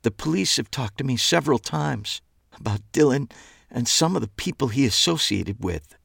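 A man voicing a soft-spoken tearful woman. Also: mid-range voice, animated, moderate pace, gravelly, slightly rough, dry recording, studio quality, voice pushed up, exaggerated voice. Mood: sad, weary. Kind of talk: audiobook character voice.

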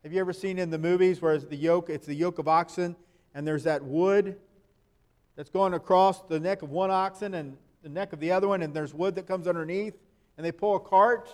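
High-voiced man preaching a sermon. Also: fairly even intonation, a little fast. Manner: conversational, asks the listeners rhetorical questions; reads scripture verses aloud.

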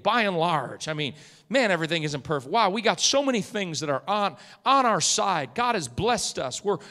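A male pastor preaching a sermon in church, swinging from loud, emphatic lines to quiet, conversational asides. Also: high-pitched, long reverb tail. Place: church sanctuary.

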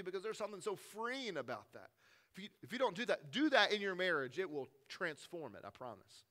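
A man in his thirties, a pastor giving a sermon in a conversational, emphatic way that swings between forceful and hushed. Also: sits high, big pitch swings, a little fast.

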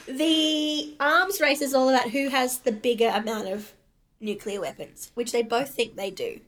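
A woman's voice: a little high, unhurried, a bit bright. A woman co-hosting a podcast, casually explaining history, laughing often and swearing freely. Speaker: podcast co-host.

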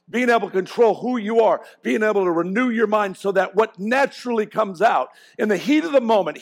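A middle-aged man preaching a sermon in a slightly raised voice. He drops to quiet, self-mocking asides, then rises to loud, emphatic points, stumbling over restarts as he goes. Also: high voice. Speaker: pastor.

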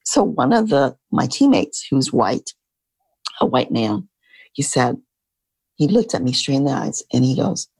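Middle-aged woman, gravelly husky voice, halting and reflective, dry close mic. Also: a bass voice, sing-song, a little mellow, no room sound. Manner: halting, reflective, many fillers. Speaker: guest. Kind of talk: casual interview talk.

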